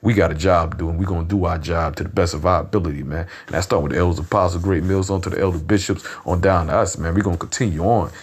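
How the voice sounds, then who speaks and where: Lowish-voiced guy preaching off the cuff, blunt and cussing, keeps saying man. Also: fairly even intonation, breathy edge. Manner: blunt, profane, repeats "man" and "you know what I'm saying"; reads verses slowly and emphatically. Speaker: street preacher. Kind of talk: informal scripture teaching.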